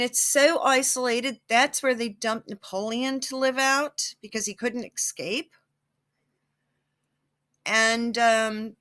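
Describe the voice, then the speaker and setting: A woman's voice: a little high, sharp tone. A woman who hosts her own psychic channel, chatting casually in a rambling way with many fillers and restarts. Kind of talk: casual chat.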